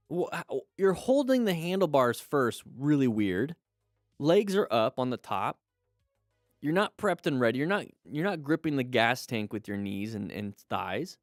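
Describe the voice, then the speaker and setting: A man hosting a live stream, reviewing motorcycle crash videos and coaching viewers with lively exclamations. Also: mid-range voice, measured pace, dry recording, studio quality, faint music behind.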